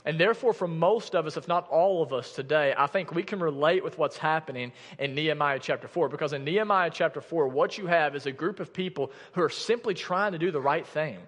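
Preacher telling a story in a church hall. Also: male voice, a little high, a little fast, few pauses, a bit bright. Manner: candid storytelling with many restarts and filler words. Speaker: pastor. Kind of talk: sermon. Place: church sanctuary. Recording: church hall with long reverb.

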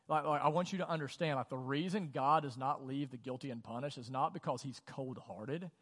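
A male pastor delivering a sermon in a conversational style, often saying "like" and putting questions to the congregation. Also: a little high. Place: church auditorium. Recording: long church hall reverb.

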